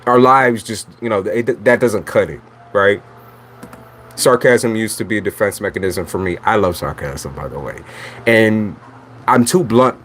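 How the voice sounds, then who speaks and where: A man with a fairly low voice talks in a loose, rambling monologue as a tarot reader. He is blunt and profane, with frequent laughs between his thoughts. A faint hiss of noise sits under his voice. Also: a little slow, a bit bright. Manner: blunt, chatty, swears freely, laughs often. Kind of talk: casual livestream monologue.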